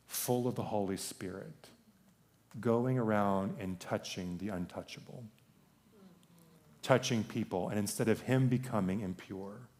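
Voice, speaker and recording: A man's voice: fairly low pitch, a little mellow. A man in his thirties, a pastor, preaching a sermon in a conversational, joking way.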